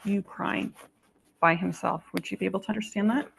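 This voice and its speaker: A woman with a gravelly, fry-laced voice talks a client through a psychic reading over a video call. She speaks in halting bursts, filling every gap with "um" and "like". Her voice sits mid-pitch and comes across as informal rather than polished. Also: fairly even intonation, a little hiss or hum. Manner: halting, full of "um" and "like". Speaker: psychic medium.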